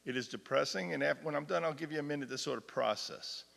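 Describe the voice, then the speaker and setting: A man teaching an adult class speaks earnestly at a fixed microphone, his bright, forceful voice pitched a little high. The sound rings out with a long reverb from a large synagogue hall. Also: fast talker, vocal fry. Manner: earnest, reads with rising intensity. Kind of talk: lecture with dramatic reading aloud. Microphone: fixed microphone he cannot leave.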